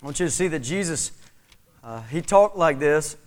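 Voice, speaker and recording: A man's voice: fairly high pitch, expressive, normal speed. A man preaching a sermon as pastor, asking the congregation questions and repeating phrases for emphasis.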